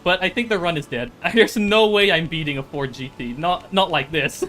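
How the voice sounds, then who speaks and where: A man's voice: a little high, moderate pace, pushed and bright, a little hiss or hum. A streamer, seemingly a man, giving casual commentary on a racing game, repeating phrases and breaking into fits of laughter.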